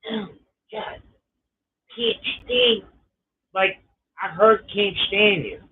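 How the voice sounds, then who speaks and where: A man's voice: high-pitched, extremely slow. A middle-aged man telling a personal story in a casual, profane, exasperated way. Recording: tinny phone-like line.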